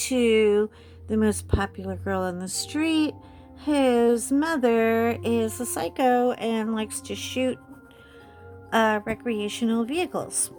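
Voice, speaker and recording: Animated woman telling a story. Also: medium pitch. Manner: animated, laughing often. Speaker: host. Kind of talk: casual storytelling while coloring.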